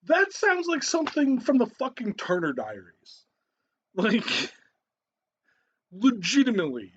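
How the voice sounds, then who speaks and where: A man's voice: extremely high pitch, big pitch swings, unhurried, pauses often, a bit bright, dull audio. A man giving a profane, ranting reaction commentary, swearing heavily and cutting in with laughs.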